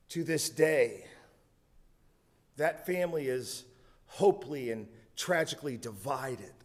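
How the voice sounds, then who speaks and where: A man preaching a sermon, telling a humorous story with asides. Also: a little high. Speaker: pastor.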